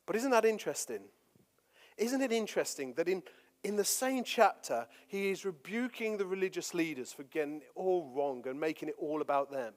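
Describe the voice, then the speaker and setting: A male preacher delivering a sermon, moving between forceful scripture reading and relaxed, chatty asides. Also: high voice, moderate pace, in a large hall. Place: church hall.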